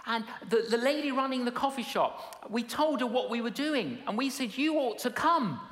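A woman's voice: on the high side, normal speed. A woman preaching a sermon in a large hall, emphatic and humorous, with repetition and punchlines. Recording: echoey hall with long reverb.

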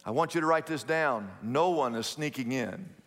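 A man preaching a sermon as a pastor, emphatic, stretching some words slowly and rushing through others, and acting out quoted speakers. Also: medium pitch, a bit bright, faint music behind. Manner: emphatic preaching, swinging from drawn-out to rapid. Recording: long hall reverb.

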